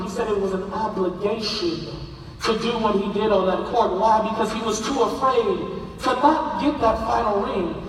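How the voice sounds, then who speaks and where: A man preaching a sermon with passion, rising to shouts and calling on the congregation to answer. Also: sits high, far from the mic, slight background noise. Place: large church hall. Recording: echoey hall, voice from afar.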